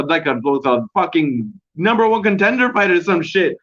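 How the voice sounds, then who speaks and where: A man's voice: fairly high pitch, moderate pace, a bit bright. A young man hosting a casual solo recap show at home, rambling and swearing in a laid-back way. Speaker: podcast host. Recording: dull lo-fi home recording.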